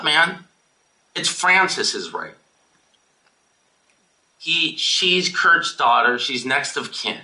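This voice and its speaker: A film director answering audience questions over a video call, rambling and emotional, swearing casually. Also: male voice, fairly high pitch, bright, forceful tone, rough recording.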